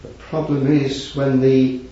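A man preaching a heartfelt sermon, swinging between loud raised passages and hushed low ones, with scripture quoted in old wording. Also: level tone, measured pace. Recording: echoey hall, distant mic, dull lo-fi sound.

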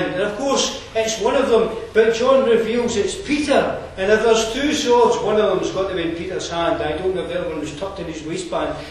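A man with a Scottish accent preaching a sermon, conversational and digressive, often pausing with fillers and restarting his sentences. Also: high-pitched, slight background noise. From Scotland. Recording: echoey room from far off, faint ambience.

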